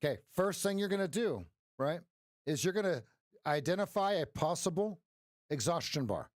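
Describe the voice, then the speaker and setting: A man's voice: on the high side, lively intonation, normal speed, dry recording, clean studio sound. A man hosting a live trading stream, chatting casually and joking with viewers, laughing often.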